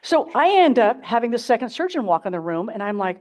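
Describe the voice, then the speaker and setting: A woman's voice: medium pitch, lively intonation, fast talker, few pauses, a little mellow. A woman giving a symposium talk, telling her own story candidly and dramatically to a live audience. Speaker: keynote speaker. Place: symposium stage before an audience.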